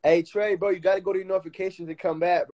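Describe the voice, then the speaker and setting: A man hosting a casual livestream on his phone, loud and slangy as he banters with callers. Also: high-pitched, fairly even intonation, racing. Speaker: livestream host. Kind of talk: casual chat.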